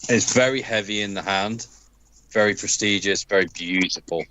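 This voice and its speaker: Here's a man chatting on a livestream, full of enthusiasm and piling on the praise. His voice sits fairly low, and it comes across close and dry with no room sound. He keeps things casual and upbeat. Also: moderate pace, pushed and bright, dry recording, rough recording. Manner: enthusiastic, lavishly descriptive. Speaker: livestream co-host.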